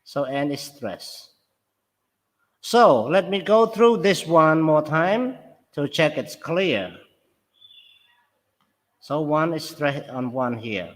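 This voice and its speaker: Guy teaching english, reads out example lines then explains, kinda high voice, lots of ups and downs. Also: very animated, slow, pauses often. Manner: reads example sentences aloud then explains stress in Khmer. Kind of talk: classroom lesson mixing English and Khmer. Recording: long reverb in the room.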